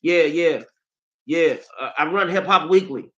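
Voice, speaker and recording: A man's voice: a little high, measured pace, a bit bright, muffled recording. A man doing a mocking impression of a smug, brash man caught in a motel room.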